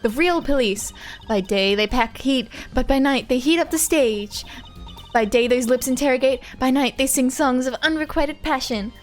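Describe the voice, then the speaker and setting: Cocky male rock-star prosecutor with a German accent, put on by a woman, smooth and showy; faint music behind. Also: sits high, normal speed, lightly acted. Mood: smug. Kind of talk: reading game dialogue aloud on stream.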